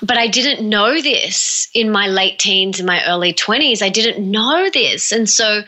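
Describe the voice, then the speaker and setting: A woman's voice: mid-range voice, animated, unhurried, hardly any pauses, pushed and bright, low-quality recording. A woman being interviewed as a motivational speaker, talking earnestly and with emphatic repetition. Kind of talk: heartfelt motivational talk.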